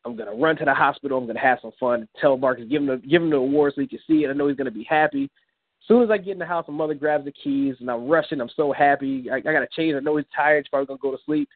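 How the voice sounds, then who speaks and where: A man's voice: rapid-fire, no room sound. Earnest man telling a story over a phone line. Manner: earnest, acts out quoted dialogue with rising pitch. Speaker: guest, comic book creator. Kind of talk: emotional personal storytelling in an interview. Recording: dry phone-line call-in audio.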